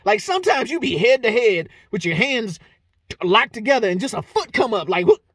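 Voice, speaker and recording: A man giving a casual, animated fight breakdown, swearing freely and laughing often. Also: sits high, moderate pace, husky, dry recording, studio quality. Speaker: fight analyst vlogger.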